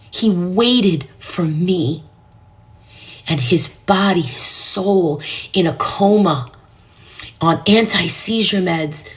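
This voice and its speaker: A middle-aged woman speaks to her live audience in a low, earnest voice. She tells a deeply emotional personal story with intensity. At moments she drops into a soft whisper. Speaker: numerologist hosting a live stream.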